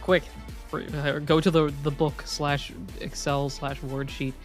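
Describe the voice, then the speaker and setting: A man in the role of game master, narrating a tabletop game in a rambling, halting way full of fillers. Soft music plays faintly beneath him. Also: on the high side, level tone. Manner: rambling, hesitant, many fillers.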